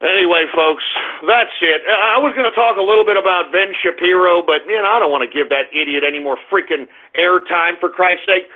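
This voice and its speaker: Ranting talk radio host, very high-pitched man. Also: brisk, hardly any pauses. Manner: sarcastic, ranting, profane. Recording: tinny phone-line sound.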